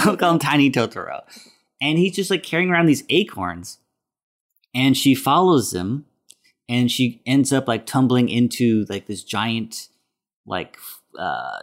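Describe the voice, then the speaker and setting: A man hosting a casual podcast, recapping a film plot in a rambling way with many fillers. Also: mid-range voice. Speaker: podcast host.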